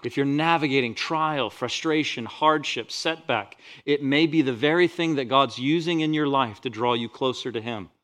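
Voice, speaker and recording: A man pastor preaching a sermon, rising loud on scripture and dropping quiet for asides. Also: medium pitch, normal speed, few pauses.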